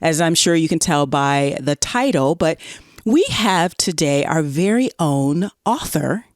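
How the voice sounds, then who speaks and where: Bubbly Southern woman with a lively voice. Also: unhurried, dry recording, studio quality. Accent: Southern American. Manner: bubbly, laughs often, swoops up high. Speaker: podcast co-host. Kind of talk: casual comedic chat.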